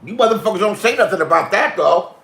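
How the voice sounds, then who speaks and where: A man's voice: sits high, expressive, fast talker, vocal fry, a bit bright. A middle-aged man from California giving a crude, confrontational rant full of swearing and street stories. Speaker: vlogger. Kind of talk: profane ranting monologue. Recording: roomy echo.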